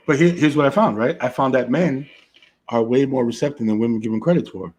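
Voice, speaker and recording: A man's voice: mid-range voice, brisk, darkish tone, slightly rough. A man co-hosting a podcast, chatting casually about relationships and telling stories with frequent "right?" asides. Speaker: podcast co-host.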